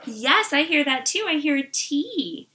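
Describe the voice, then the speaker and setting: Female teacher, middle-aged, talks slowly to young children and sounds out words; animated, somewhat high voice. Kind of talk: online kindergarten writing lesson.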